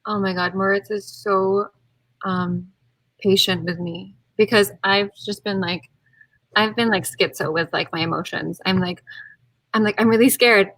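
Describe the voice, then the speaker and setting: A young woman, a bride-to-be, chatting casually on a video call and acting out her own quotes with lively swings. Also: mid-range voice, measured pace, no room sound, rough recording. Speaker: guest, bride-to-be. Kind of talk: casual chat.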